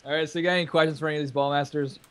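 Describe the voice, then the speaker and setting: A man's voice: a little high, steady tone, racing, a bit bright, clean tone. A man co-hosting a casual gaming podcast, jokey and mocking, laughing often. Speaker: podcast co-host. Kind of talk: casual group chat.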